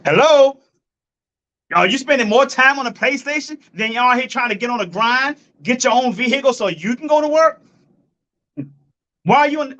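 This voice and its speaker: A man delivers preachy relationship commentary in a blunt, profane way, hammering each point home with repetition. His voice sits high for a man. The recording is dull and lo-fi. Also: a bit bright. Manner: addresses listeners as folks and family.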